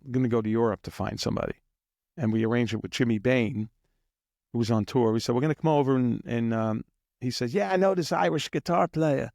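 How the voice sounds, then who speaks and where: Chuckling man telling old stories, gravelly voice. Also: mid-range voice, fairly even intonation, quick pace, a little mellow, no echo, studio quality. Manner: rambling, chuckling raconteur who mimics drum beats. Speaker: guest drummer. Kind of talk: casual anecdotal storytelling.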